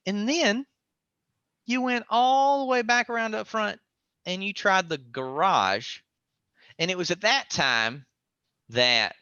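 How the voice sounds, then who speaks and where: A man voicing a calm, stern small-town police officer who drawls and calls people son. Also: on the high side, no room sound, muffled recording, pitched above the performer's own voice, full character voice.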